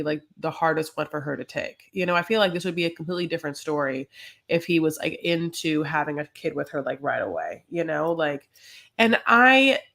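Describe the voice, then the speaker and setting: A woman co-hosting a casual recap podcast, rambling with lots of fillers and quick laughs. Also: sits low, vocal fry, fairly bright tone. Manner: rambling, lots of "like" and "you know", laughs easily. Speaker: podcast co-host recapping a reality show. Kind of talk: casual chat.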